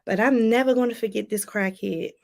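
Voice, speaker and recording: A woman's voice: medium pitch, fairly quick, vocal fry, noisy background. A woman from Washington, D.C., giving a motivational talk as a life coach, emphatic and repeating her points straight to viewers.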